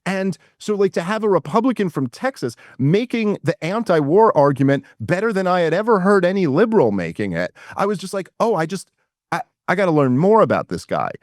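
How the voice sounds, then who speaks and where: A man's voice: high voice, no room sound, clean studio sound. A man, telling a story in a casual podcast interview and acting out the people he quotes. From New York City. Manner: animated retelling, quoting others and himself in quick asides. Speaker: guest.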